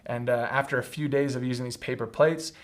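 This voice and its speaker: A man in young adulthood leads a live training session for his team. His voice sits at an ordinary pitch and he talks earnestly, tossing in "right?" to keep listeners with him. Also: fairly even intonation, fairly quick. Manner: earnest teaching tone, frequent "right?" tag questions. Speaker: host of a leadership training talk. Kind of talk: live-streamed training talk.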